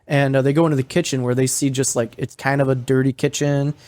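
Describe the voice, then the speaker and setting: A man's voice: mid-range voice, little pitch movement, fast, a little mellow. Male podcast host, loose rambling recap, curses a lot, mid-range voice. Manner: rambling, lots of "like", swears freely. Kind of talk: casual storytelling recap.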